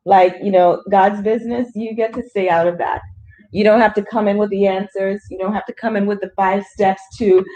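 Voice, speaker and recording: A woman facilitating a grief support group, speaking earnestly and animatedly. Her voice is soft-toned and warm. She reaches for plain everyday examples to make her point. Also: mid-range voice, steady tone, fairly quick, slight background noise. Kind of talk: small-group discussion.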